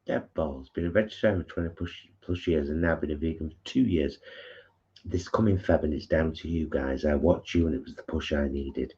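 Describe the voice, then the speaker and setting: A man's voice: very deep voice, a little fast, dark tone. A man with a Geordie accent co-hosting a live stream, playful and teasing as he reads out comments. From North East England. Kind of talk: casual live-stream chat. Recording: dull lo-fi stream audio.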